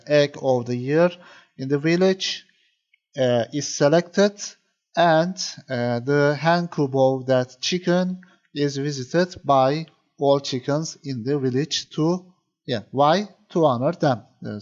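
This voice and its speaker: A man's voice: fairly high pitch, darkish tone, muffled recording. Patient male grammar teacher. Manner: patient, repeats points, many fillers. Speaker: Turkish language teacher. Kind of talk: explaining grammar to viewers.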